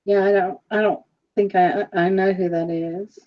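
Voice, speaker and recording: A woman's voice: medium pitch, level tone, moderate pace. Chatty woman running a jewelry sale stream, laughs a lot, muffled lo-fi sound. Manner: chatty, laughs often, describes items with many fillers. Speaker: host of an online jewelry sale auction. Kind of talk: casual livestream chat. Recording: dull lo-fi livestream audio.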